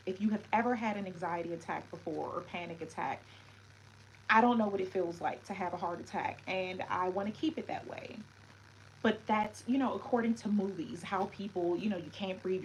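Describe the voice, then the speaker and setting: A woman's voice: mid-range voice, a little hiss or hum, poor audio. A woman hosting a casual livestream, talking reflectively to her viewers and greeting them with French words. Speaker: livestream host.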